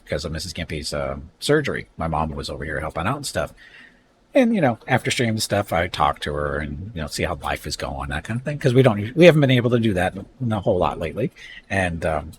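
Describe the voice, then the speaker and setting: A man's voice: low voice, slight background noise. A man chatting casually on his live stream, telling a rambling, conversational story.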